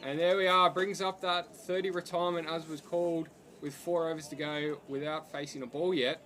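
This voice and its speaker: A man doing live commentary on an amateur cricket match, building to shouts on big hits. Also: fairly high pitch, steady tone, normal speed.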